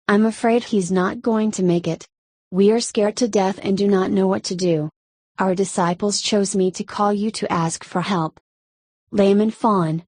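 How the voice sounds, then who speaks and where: A woman voicing an anxious female temple disciple who pleads for help in a rushed, non-stop way. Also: mid-range voice, a little mellow, no room sound, lightly acted.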